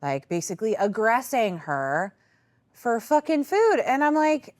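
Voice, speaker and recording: Woman, podcast host, animated storytelling, swears freely, dry close sound. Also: on the high side, normal speed, no echo. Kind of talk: casual chat, storytelling.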